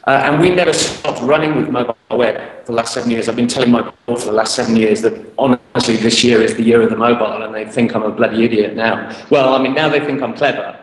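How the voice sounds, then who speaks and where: A British man speaks in a relaxed podcast interview at an ordinary middle pitch. His talk is loose and full of ums, ahs and restarts, and he pokes fun at himself as he goes. The recording carries a noticeable room echo. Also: quick pace, few pauses. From Britain. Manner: chatty and self-deprecating, with fillers. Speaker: guest tech executive. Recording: roomy echo.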